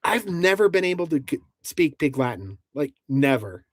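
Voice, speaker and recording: A man's voice: on the high side, lively intonation, slow, long pauses, dry recording, studio quality. A man hosting a casual livestream from inside a truck camper, rambling with many restarts as he reads out viewer comments. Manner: rambling, many restarts, laughs between lines. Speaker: livestream host.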